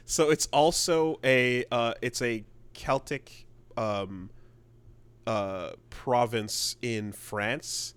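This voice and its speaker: A man's voice: mid-range voice, steady tone, extremely slow, a bit bright, smooth. A man co-hosting a podcast in casual chat, rambling with lots of restarts. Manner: rambling, many fillers and restarts. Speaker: podcast co-host.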